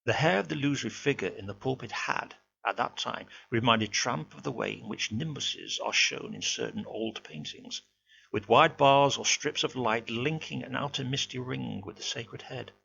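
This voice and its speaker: Gravelly man reading a ghost story. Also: mid-range voice, normal speed, sharp tone. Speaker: narrator. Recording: dull lo-fi home recording with faint hum.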